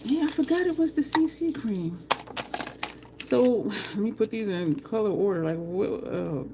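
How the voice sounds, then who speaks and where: A woman's voice: mid-range voice, expressive, unhurried, noisy background. A woman beauty vlogger, telling a story casually and expressively to her viewers, now and then swearing.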